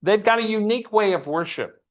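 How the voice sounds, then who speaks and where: A man's voice: high voice, brisk. A man teaching a church Sunday class, often asking the class questions and repeating himself.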